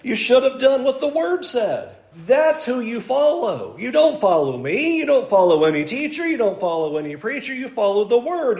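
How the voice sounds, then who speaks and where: A man's voice: high voice, darkish tone. A man preaching a sermon in an emphatic way, hammering home his points with repetition and dry sarcasm. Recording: roomy echo.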